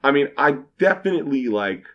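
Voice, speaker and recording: Animated storytelling man. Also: medium pitch, fairly quick, muffled recording. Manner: animated storyteller, acting out quotes, swearing freely. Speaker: bartender guest. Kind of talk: casual podcast chat.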